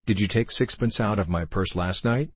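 A man voicing a cold, quietly scornful miner's wife. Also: on the low side, normal speed, slightly rough, no room sound. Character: cold, weary miner's wife, middle-aged woman.

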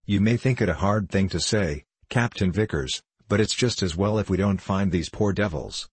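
A man reading a gruff, grim ship's surgeon. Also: sits low, normal speed, darkish tone, no echo. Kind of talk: audiobook character voice.

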